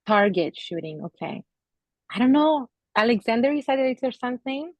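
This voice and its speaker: A woman giving a psychic reading to an audience member, speaking gently and hesitantly with many pauses and fillers, and getting emotional. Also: on the high side, animated, no echo. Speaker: psychic medium.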